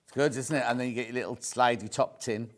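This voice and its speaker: A man's voice: medium pitch, steady tone, fast. A British man presenting on a live shopping channel, chatty and jokey, repeating prices as he shows products. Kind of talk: live TV sales pitch. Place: TV studio.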